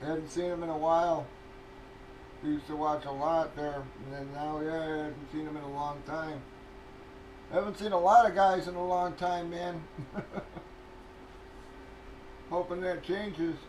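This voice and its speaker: Livestream host, man, high voice, profane ranter. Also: steady tone, normal speed, pauses often, darkish tone, slight background noise, poor audio. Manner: profane, ranting, venting. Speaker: livestream host running a card break. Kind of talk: casual livestream chat.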